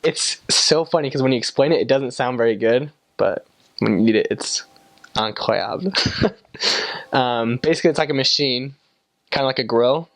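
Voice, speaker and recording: A man's voice: mid-range voice, moderate pace, no echo. A young man from the United States, a former missionary, answering interview questions in a chatty way with lots of fillers.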